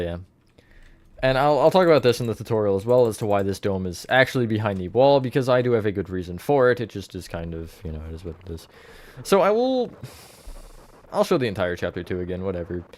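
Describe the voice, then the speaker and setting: A male livestreamer with a lowish, darkish voice chats loosely while building in a game, rambling and thinking aloud and pausing now and then to greet viewers. The audio is close and dry with no room sound, and keyboard typing can be heard behind him.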